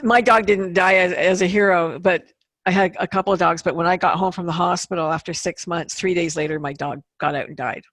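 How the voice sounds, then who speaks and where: A woman's voice: lowish voice, fairly even intonation, a little fast, fairly bright tone, no echo. A middle-aged woman hosting an interview, telling her own story candidly and acting out the people she quotes. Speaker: podcast host. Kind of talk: casual interview chat.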